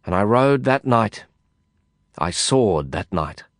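A man reading a first-person audiobook narration in a measured, reflective way. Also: lowish voice, expressive, no room sound, clean studio sound.

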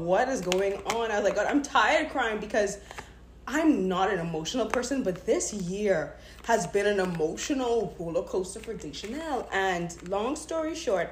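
A woman's voice: reverberant, a little hiss or hum. A woman giving a candid, emotional devotional talk at home, recorded on a phone. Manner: candid, emotional storytelling, breaks into higher pitch when retelling prayers. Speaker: faith podcaster. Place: at home, just came in the door.

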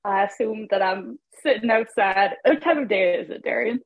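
Husky-voiced woman playing a tabletop game. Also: mid-range voice, moderate pace, dry recording. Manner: playful, giggly. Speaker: player. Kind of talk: casual tabletop role-play. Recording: dull lo-fi mic.

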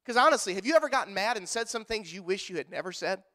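A pastor delivers a lively sermon to his congregation, trading jokes with them and performing quoted lines in assorted voices. His voice is high and he talks fast.

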